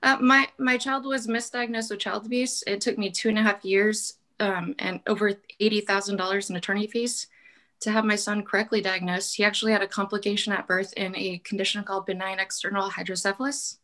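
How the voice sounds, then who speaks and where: A woman's voice: medium pitch, level tone, a little fast, sharp tone, low-quality recording. Earnest woman giving public testimony. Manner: earnest, pleading, with ums. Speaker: public commenter. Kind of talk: public testimony over a call. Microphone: call-in audio.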